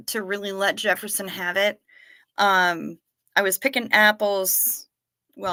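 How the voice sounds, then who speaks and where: A woman hosts a casual livestream, chatting easily with her viewers and answering their comments as they come in. Her voice is bright and forward, and she speaks at an unhurried, leisurely pace. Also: medium pitch. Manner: chatty, warm toward viewers, reads comments aloud, apologetic asides. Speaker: livestream host reading chat.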